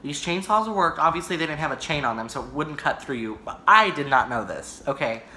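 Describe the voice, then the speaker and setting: Bright-voiced man telling a dramatic story. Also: fairly high pitch, expressive, fairly quick, slight background noise. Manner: dramatic, rambling storytelling with frequent "right?". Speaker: vlogger. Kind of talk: storytime vlog. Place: indoor room, on camera. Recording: echoey room.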